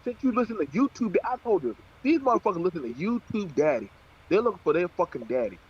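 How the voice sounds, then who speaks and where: Husky fired-up host on lo-fi audio. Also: male voice, sits high, sing-song, fast. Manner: profane, fired-up and blunt. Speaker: show host. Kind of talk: heated panel talk. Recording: dull lo-fi audio.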